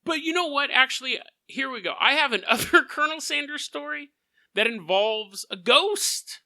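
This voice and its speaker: Bright, lively podcast host. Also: male voice, extremely high pitch, moderate pace, dry recording. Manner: animated, laughs often mid-sentence. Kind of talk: casual storytelling podcast.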